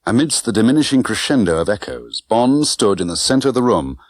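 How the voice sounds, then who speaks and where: A man narrating an audiobook with an expressive, dramatic reading. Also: medium pitch, brisk, no echo. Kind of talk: scripted narration. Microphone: close studio mic.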